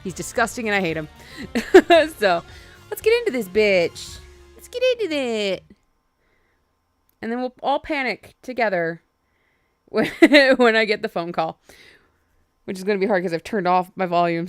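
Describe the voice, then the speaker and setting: A woman's voice: medium pitch, expressive, moderate pace, smooth, no room sound, studio quality, faint music behind. A young woman streamer giving casual, crude, chatty commentary while playing a game. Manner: crude, swearing, laughing, chatty.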